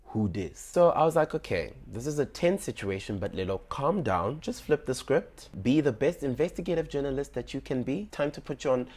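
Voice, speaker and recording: A young man, telling a personal story in an animated, dramatic way and acting out his own dialogue. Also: medium pitch, fairly quick, hardly any pauses. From South Africa.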